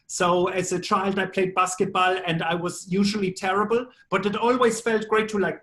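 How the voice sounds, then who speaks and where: A man's voice: sits high, fairly bright tone. Quirky German man in a press interview. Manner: playful, quirky offbeat phrasing. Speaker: voice actor guest.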